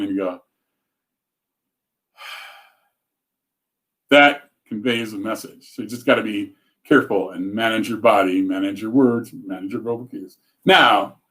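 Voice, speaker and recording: This is a man hosting a casual livestream in a slightly low voice. He talks in a loose, rambling way. He cuts himself off and picks the thread up again. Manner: rambling, self-interrupting, chatty. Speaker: show host.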